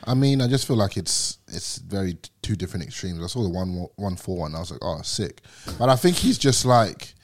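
Podcast guest, British-sounding man, low lively voice, rambling and laughing. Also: fairly quick, few pauses. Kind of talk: casual chat.

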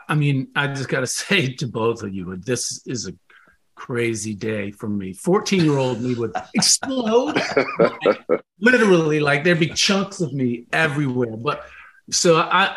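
A man of middle pitch co-hosts a casual podcast. He talks like an eager fan, laughing as he goes. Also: fairly bright tone. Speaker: podcast co-host. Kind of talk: casual interview.

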